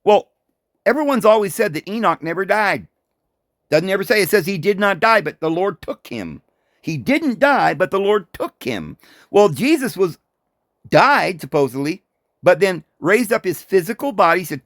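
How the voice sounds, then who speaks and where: Animated high-voiced man teaching scripture. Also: no room sound, clean studio sound. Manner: animated, full of rhetorical questions and quick chuckles. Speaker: Bible teacher. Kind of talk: informal Bible commentary.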